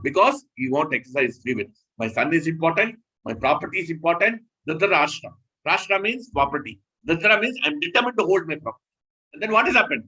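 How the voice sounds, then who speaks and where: A man preaching in a scripture lecture, emphatic and animated, often stopping to correct himself. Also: on the high side, breathy edge, rough recording.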